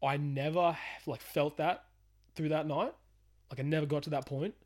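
A young man talks through a story in a loose, casual podcast chat. His voice sits a bit high for a man, and he swears freely and laughs as he goes. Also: steady tone, normal speed, darkish tone. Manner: laid-back, swears a lot, laughs while telling. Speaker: podcast co-host.

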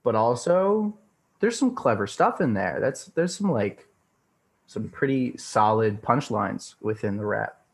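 A man's voice: medium pitch, animated, measured pace, husky. A young man co-hosting a casual podcast chat, playful and self-mocking as he spins a joking story.

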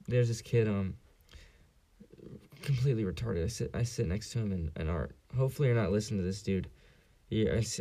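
Young man from San Diego hosting a solo podcast: low, mellow voice, rambling and profane. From San Diego area, US. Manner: rambling, profane, frequent fillers. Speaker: podcast host. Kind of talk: casual solo podcast rant.

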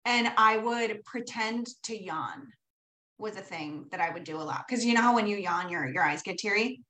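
A woman's voice: medium pitch, moderate pace, sharp tone, roomy sound, poor audio. A woman hosting a podcast in casual chat, candid, swearing freely and laughing often. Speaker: podcast host.

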